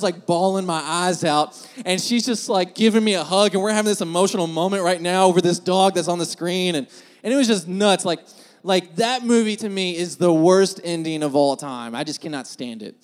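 A man preaching a sermon in a casual, joking storytelling way, speaking in a church sanctuary. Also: sits high. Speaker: pastor. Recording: long hall reverb in a church.

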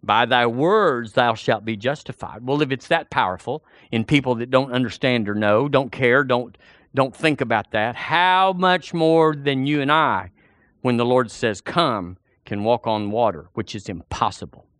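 A man's voice: medium pitch, unhurried, fairly bright tone, no room sound, studio quality. A man preaching a sermon in a folksy, conversational way, talking straight to the congregation and often repeating himself.

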